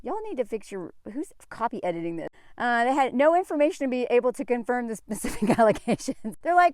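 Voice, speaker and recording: American woman vlogging, laughs a lot, kinda high voice, dry close sound. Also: very animated, fast talker, hardly any pauses, darkish tone, no room sound. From United States. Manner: chatty, laughs often, mimics people in asides. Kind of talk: casual chat.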